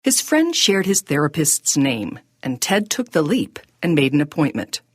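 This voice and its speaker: A woman, the podcast host, giving measured, reflective scripted narration. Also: low voice, very animated, breathy edge, no echo, clean studio sound.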